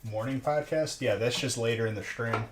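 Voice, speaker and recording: A man's voice: mid-range voice, moderate pace. A man hosting a live stream, chatting and joking with viewers in a rambling way late at night. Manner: rambling, joking banter with chat. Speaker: live-stream host opening card packs. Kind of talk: casual live-stream chat. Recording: echoey room with background noise.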